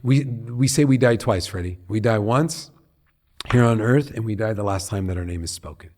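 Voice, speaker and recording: Middle-aged guy from long beach on a podcast, low voice, earnest and fired up, keeps acting out what people say. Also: normal speed, darkish tone. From Long Beach, California. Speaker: guest, head of a nonprofit. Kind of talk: podcast interview.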